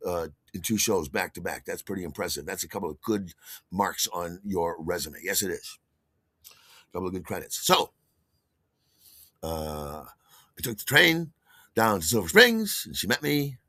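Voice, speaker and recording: A man in his sixties, a podcast host, telling a personal story in an animated way and acting out the dialogue. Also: fairly low pitch, no echo, studio quality. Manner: animated, acts out dialogue with shouted outbursts.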